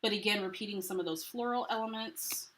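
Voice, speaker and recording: A woman's voice: medium pitch, fairly quick, fairly bright tone. A woman with a mid-range voice hosts a live craft unboxing. She is chatty and enthusiastic and greets viewers by name. A faint hiss sits under the recording. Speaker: craft livestream host.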